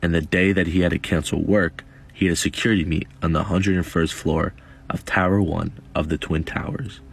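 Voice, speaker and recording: A man in his twenties telling a personal story in a halting, hesitant way. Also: low-pitched, steady tone, vocal fry, slightly rough. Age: 20s. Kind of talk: casual storytime.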